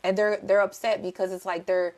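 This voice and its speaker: With slight background noise, a woman speaks at medium pitch in a level, slightly mellow tone, fairly quickly. She's giving a casual tarot reading to live chat viewers, greeting them, cursing bluntly and repeating herself for emphasis.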